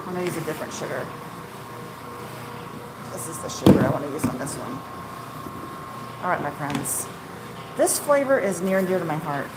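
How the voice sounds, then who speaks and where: A woman who runs a small marshmallow business, telling stories in a casual, rambling, self-deprecating way while cutting candy in her kitchen. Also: on the low side. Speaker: small-batch marshmallow maker and shop owner. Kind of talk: casual chatty storytelling while working. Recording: steady ambient background noise.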